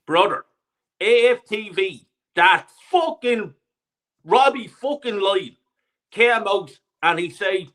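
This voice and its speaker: High, bright male caller, swings all over, swears freely, fired up. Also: slow pace. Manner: animated, profane storytelling. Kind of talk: heated call-in chat.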